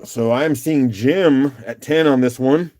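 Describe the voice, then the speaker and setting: A man's voice: mid-range voice, slow, a little mellow. Chatty man hosting a live auction. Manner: upbeat, chatty, laughs often. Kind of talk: casual live-stream auction chat.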